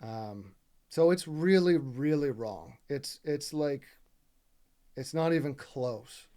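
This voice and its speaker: A man's voice: fairly high pitch, animated, takes it slowly, warm tone. Exasperated man ranting over game clips. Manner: exasperated, profane, keeps asking "right?". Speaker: gaming video creator. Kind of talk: casual commentary over gameplay footage.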